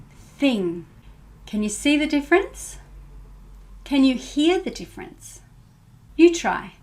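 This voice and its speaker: Slow, animated woman teaching. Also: high-pitched. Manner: clear and careful, modelling words for learners to repeat. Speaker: English pronunciation teacher. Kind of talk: pronunciation lesson.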